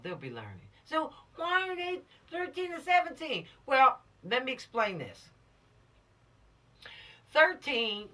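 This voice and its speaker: A woman's voice: mid-range voice, distant mic. A woman instructor giving an emphatic, lecturing lesson on the law to teenagers, addressing them directly and urging them to stay out of trouble. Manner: lively and showy. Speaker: teen law-literacy instructor.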